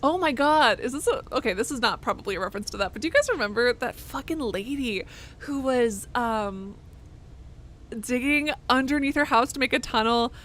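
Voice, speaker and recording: A woman's voice: a little high, lively intonation, normal speed, a bit bright, a little hiss or hum. A woman streaming horror games live, chatting casually and cussing as she reacts. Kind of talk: live horror gameplay commentary.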